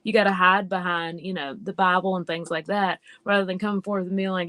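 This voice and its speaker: A woman with an Appalachian accent, a guest chatting in a casual interview over a video call, lively and laughing as she tells stories. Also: fairly low pitch, fairly quick, dry recording. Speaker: guest witch and healer.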